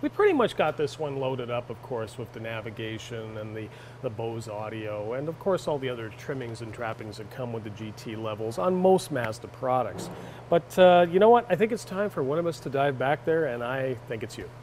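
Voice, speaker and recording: A Canadian man co-hosts a car review with playful, animated banter. His voice sits at an ordinary middle pitch. There is a faint background noise under the recording. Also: a little fast. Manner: jokey, animated asides. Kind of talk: casual banter reviewing a vehicle.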